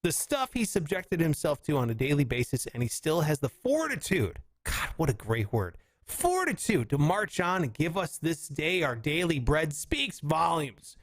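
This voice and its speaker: A man's voice: on the high side, sing-song, moderate pace, few pauses, no room sound. A man with a Southern drawl hosting a comedy podcast, chatting casually and slipping into silly voices and bits. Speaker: podcast host.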